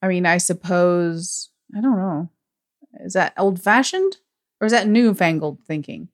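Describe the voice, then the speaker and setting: An American woman with a fairly low voice co-hosts a casual film chat. She is wry and teasing and laughs easily. Her talk is relaxed and conversational. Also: a little slow. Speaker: podcast co-host. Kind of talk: casual movie review chat.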